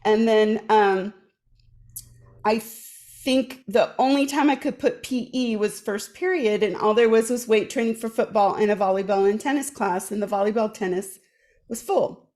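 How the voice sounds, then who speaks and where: A woman's voice: medium pitch, moderate pace. A woman telling a long funny story in casual chat, acting out the voices of the people she quotes, on a video call. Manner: animated, acts out quoted voices. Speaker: guest performer.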